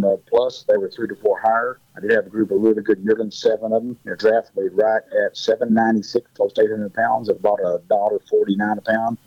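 Man, cattle auction owner, fast folksy talk, low voice, dull lo-fi phone sound. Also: a little mellow, no echo. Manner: folksy, quick, rattles off numbers. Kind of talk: phone-in market report.

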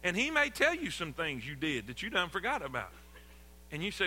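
A pastor preaching a folksy sermon in church, calling on the congregation and often repeating himself. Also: male voice, on the high side, huge pitch swings, fairly quick, bright, forceful tone. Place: church sanctuary.

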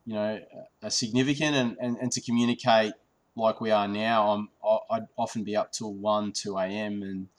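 A man's voice: on the low side, fairly even intonation, normal speed. A man from Australia with an Australian accent, a guest chatting casually and easily, often saying "mate". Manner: easygoing, says "mate" often. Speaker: small business founder, guest. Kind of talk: casual chat.

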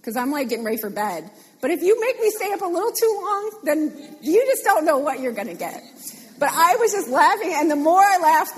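A woman preaching a sermon in a lively, animated way, repeating phrases for emphasis. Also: sits high. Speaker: pastor. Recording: long hall reverb.

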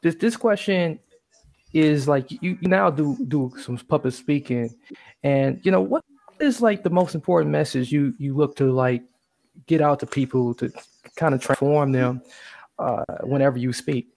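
A man hosting an interview, asking a question in a halting way with repeated words. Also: medium pitch, creaky, a little mellow. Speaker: interview host. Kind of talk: casual interview.

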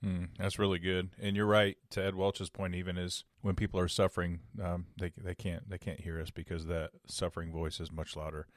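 A man with a very deep voice co-hosts a podcast conversation. He sounds thoughtful and affirming, with hesitant fillers. The recording is dry and close. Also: little pitch movement, brisk, hardly any pauses, no room sound.

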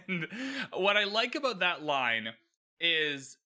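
A man hosting a podcast, recapping a TV episode in a chatty, animated way with frequent restarts. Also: a little high, slow. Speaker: podcast host.

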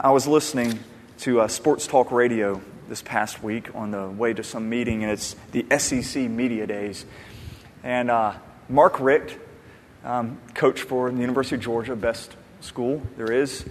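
A pastor giving an emphatic, conversational sermon. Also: male voice, medium pitch. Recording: long hall reverb.

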